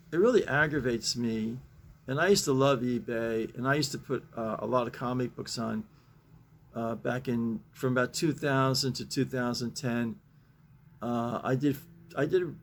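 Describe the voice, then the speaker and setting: A man talks slowly and loosely, his voice gravelly with fry. He keeps chuckling at what he reads and wanders along with plenty of fillers. A faint ambient hiss sits under the recording. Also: mid-range voice. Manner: chuckling often, rambling with many fillers. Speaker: host reading comics. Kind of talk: casual chat.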